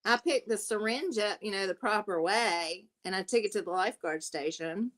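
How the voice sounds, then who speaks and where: A woman's voice: medium pitch, normal speed, a bit bright. A woman from South Carolina with a Southern accent, chatting casually and telling stories with frequent laughs. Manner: chatty storyteller, laughs often. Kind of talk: casual chat.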